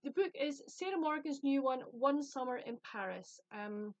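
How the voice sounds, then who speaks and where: A woman's voice: sits high, animated, moderate pace, no echo, low-quality recording. A woman from the UK chatting casually about a book she received, rambling and self-deprecating. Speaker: book vlogger. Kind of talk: casual chat.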